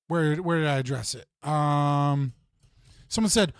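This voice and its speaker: A man's voice: a little high, normal speed, a bit bright, clear, resonant tone, no room sound, studio quality. A man hosting a live stream, ranting in a heated, profane way and repeating himself for emphasis. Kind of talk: livestream political rant.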